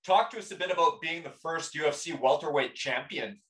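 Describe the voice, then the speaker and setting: A man's voice: fairly high pitch, fairly quick, fairly bright tone. A man hosting a podcast, asking questions and reacting in easygoing short remarks during a casual interview. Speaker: podcast host. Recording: roomy echo.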